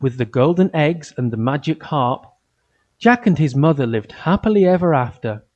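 A man reading a simple fairy tale aloud for children, in an even storytelling way. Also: on the high side. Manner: slow, simple, evenly paced storytelling. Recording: dull lo-fi recording.

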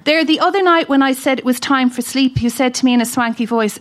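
A woman's voice: high-pitched, quick pace, hardly any pauses. A woman from Ireland with an Irish accent, reading a humorous letter aloud on stage with wry, dry humour. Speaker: festival reader. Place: live event stage.

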